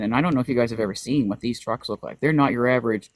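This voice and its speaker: A man's voice: mid-range voice, rapid-fire, dry recording. A man on a political panel show, talking casually and telling a story by quoting a conversation, over a video call.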